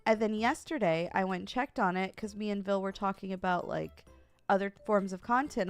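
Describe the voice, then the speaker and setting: Young female streamer, casual and giggly, mid pitch, dry close mic, faint music bed. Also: moderate pace, clean tone, no room sound. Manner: giggly, animated, talks straight to chat. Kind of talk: casual livestream chat with viewers.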